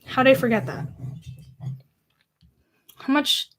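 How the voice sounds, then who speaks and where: A woman's voice: high voice, slow pace. A teenage girl chatting casually on a livestream, rambling and full of fillers. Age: teens. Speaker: livestream host.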